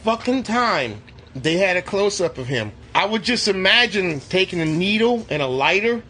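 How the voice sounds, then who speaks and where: A man casually reviewing a movie with a co-host, animated and profane, acting out scenes as he talks. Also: high voice, moderate pace, slight background noise. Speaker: podcast co-host. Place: movie theater.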